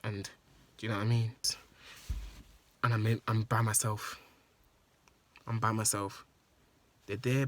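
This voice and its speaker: A man telling an emotional story in a rambling, profane monologue that repeats itself. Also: fairly low pitch. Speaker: vlogger.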